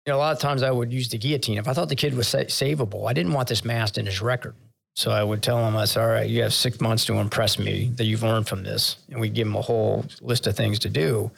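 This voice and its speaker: A man's voice: lowish voice, fairly even intonation, fast talker, vocal fry, husky. An older man, a retired naval officer, telling candid leadership stories in an interview, laughing at himself and getting choked up. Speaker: retired vice admiral, podcast guest. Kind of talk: conversational storytelling interview.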